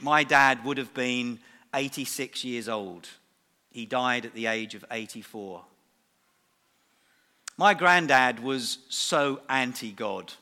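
A man's voice: mid-range voice, pushed and bright. A middle-aged man preaching a sermon at a church service, emphatic and repeating key phrases for weight. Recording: reverberant church hall.

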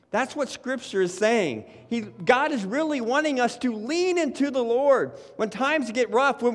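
Pastor, man, high voice; casual sermon full of "you know", big reverberant church. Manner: conversational, repeats words, says "you know" and "right" often. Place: church sanctuary.

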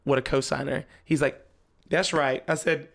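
Gravelly-voiced young man telling a story. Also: mid-range voice, normal speed. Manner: animated, acts out family members' lines; laughs often while talking. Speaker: podcast guest. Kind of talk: casual storytelling chat.

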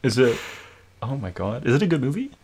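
A man's voice: medium pitch, sing-song, brisk, crowd noise. A young man co-hosting a podcast in casual chat, reacting with swears and jokes. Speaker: podcast co-host.

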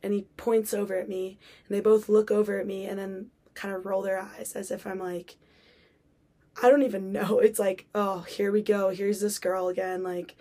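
A woman's voice: medium pitch, little pitch movement, normal speed, mellow. A young woman hosting a podcast, telling a personal story in a chatty way with many fillers and acted-out quotes. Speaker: podcast host.

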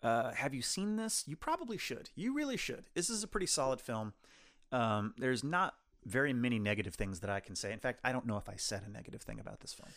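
A man's voice: medium pitch, fast talker. A man co-hosting a film review podcast, chatting casually and rambling through anecdotes. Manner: rambling storyteller, lively and chatty. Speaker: podcast co-host reviewing films. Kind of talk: casual chat.

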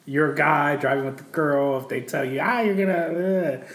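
A man's voice: mid-range voice, brisk, roomy sound, slight background noise. A man hosting a casual chat, telling a story with lots of swearing and laughter. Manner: profane, animated, laughing storyteller.

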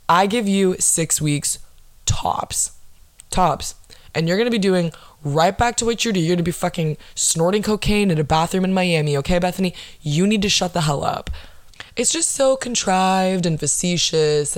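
A woman's voice: fairly low pitch, normal speed. Woman ranting with profane sarcasm. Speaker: podcast host. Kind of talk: solo podcast rant.

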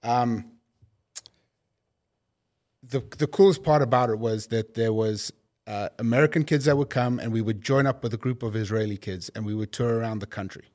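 Man, South African accent, relaxed rambling storyteller, medium-pitched voice. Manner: relaxed, rambling, frequent restarts. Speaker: guest. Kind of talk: casual conversational storytelling.

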